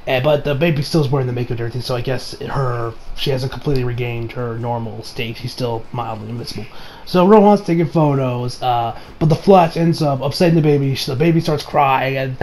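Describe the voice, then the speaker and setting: A man's voice: mid-range voice, brisk, darkish tone, slight background noise. A man casually recapping an anime episode, rambling with laughs and joking asides. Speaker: anime reviewer.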